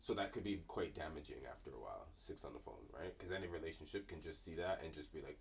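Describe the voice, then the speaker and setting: Deep-voiced man giving a rambling card reading. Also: brisk, creaky, dull audio. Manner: animated, rambling, keeps asking "right?". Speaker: tarot card reader. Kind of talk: casual spiritual card reading.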